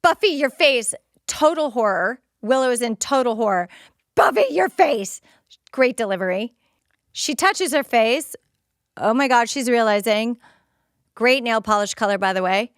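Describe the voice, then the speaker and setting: High, smooth-voiced woman gushing over a rewatch. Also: normal speed, no room sound, clean studio sound. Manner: excited, gushing, narrating scenes as they happen. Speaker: podcast host. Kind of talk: casual play-by-play rewatch commentary.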